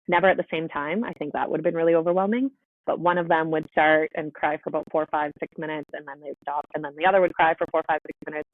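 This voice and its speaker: A woman's voice: deep voice, no echo. A woman, a podcast guest and mother of quadruplets, telling her story in a frank, chatty, emphatic way over a remote call. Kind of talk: casual storytelling interview. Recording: tinny phone-like line, dry.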